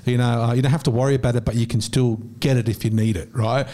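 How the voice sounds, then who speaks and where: A man's voice: medium pitch, fairly even intonation, fast talker, warm tone. A man with an Australian accent hosting a casual interview, talking candidly and a little coarsely.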